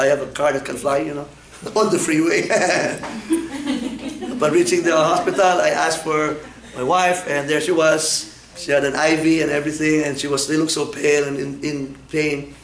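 A man's voice: fairly high pitch, noisy background. Joking male lecturer in an echoey classroom. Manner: humorous, asks the class questions and answers them. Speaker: medical lecturer. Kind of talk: classroom lecture with personal anecdotes.

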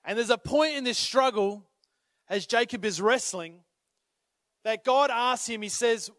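A man preaching a sermon as pastor, swinging between urgent, rising calls and quiet appeals, sometimes acting out the people in the story. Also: very high-pitched, measured pace, no room sound, clean studio sound. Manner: impassioned, rises to urgent calls then drops to quiet; acts out voices when retelling scripture.

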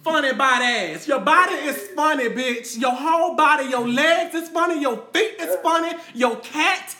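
Loud raunchy lady host roasting folks, high and bright, roomy echo. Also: moderate pace. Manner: brash, trash-talking, laughing. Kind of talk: loud raunchy live-stream chat. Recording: echoey room.

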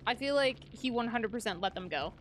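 A woman's voice: fairly high pitch, expressive, a little fast, a little hiss or hum. A young woman live-streaming a game, chatting casually, giggling and greeting her chat.

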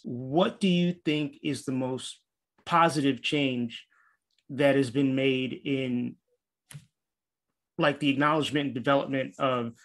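Male podcast host, mid pitch, asks long meandering questions at a quick clip. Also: a bit bright. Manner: quick, rambling questions with fillers. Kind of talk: interview questions.

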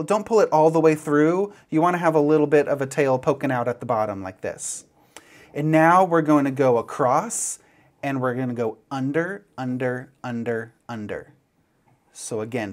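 Man, knitting instructor, mid-pitched, casual and playful, talks through each step while working. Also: darkish tone. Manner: chatty, playful, demonstrating as he goes. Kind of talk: step-by-step craft tutorial.

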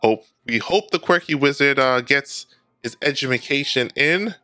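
A man's voice: mid-range voice, expressive, normal speed, pushed and bright, dry recording. A man casually commentating a video game, reading the dialogue aloud with a playful, jokey manner. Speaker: gaming channel host. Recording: dry, with faint game music behind.

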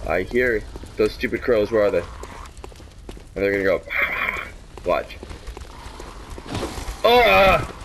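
Young male gamer, frustrated running commentary, animated delivery, slight noise in the recording. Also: fairly low pitch, takes it slowly, creaky, pauses often. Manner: exasperated, talks to the game, swings from mutters to shouts. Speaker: gameplay commentator. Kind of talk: let's play commentary.

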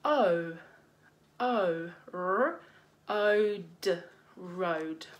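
Slow, encouraging woman teaching phonics. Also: fairly low pitch, expressive. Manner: slow, encouraging, sounds out letters. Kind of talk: phonics lesson for young children.

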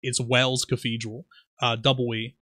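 A young man with a rural Somerset West Country accent chats on a podcast, spinning animated stories and swearing without a second thought. His voice is bright and forceful, recorded close and dry. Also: medium pitch, normal speed, no echo. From Somerset, England. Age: 20s. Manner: animated storyteller, swears freely, laughs often. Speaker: podcast co-host. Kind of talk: casual chat.

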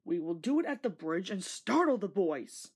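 A woman voicing a calm, kindly male engine driver in a storybook read-along, explaining patiently in a slightly breathy voice. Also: medium pitch, normal speed.

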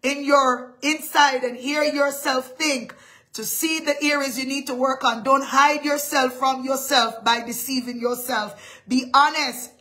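A woman's voice: high-pitched, pushed and bright. A middle-aged woman pastor delivering a live-streamed sermon in an emphatic, dramatic manner.

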